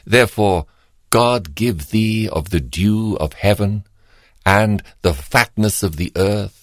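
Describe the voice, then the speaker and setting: A man's voice: lowish voice, slow pace, dry recording, clean studio sound, pitched above the performer's own voice. A man reading a solemn old blind father.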